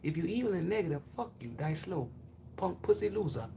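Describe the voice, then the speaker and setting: A woman's voice: fairly low pitch, lively intonation, a little fast, vocal fry, warm tone, a little hiss or hum. A woman giving a casual tarot reading on a live stream. She is blunt, chatty and profane, and talks straight to her viewers. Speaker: tarot reader.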